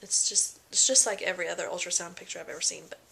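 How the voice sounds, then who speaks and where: A woman's voice: on the low side, rapid-fire, vocal fry, bright, forceful tone, slight background noise. A young woman talking casually in a pregnancy vlog, chatty and full of fillers, often acting out what people said. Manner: chatty, many fillers and quoted voices. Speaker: vlogger.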